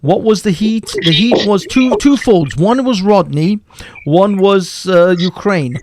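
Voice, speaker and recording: A man's voice: high-pitched, animated, a little slow, noisy background. Guy hosting a live stream panel, swears a lot, laughs, teasing and sarcastic. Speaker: host of a live online panel show. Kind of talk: casual, joking live stream chat.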